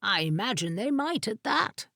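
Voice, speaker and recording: A woman's voice: mid-range voice, big pitch swings, normal speed, vocal fry, bright, forceful tone, no room sound, studio quality, heavily acted. A woman voicing a self-satisfied, pompous older male wizard in an audiobook. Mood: smug. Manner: pompous, knowing, pleased with himself.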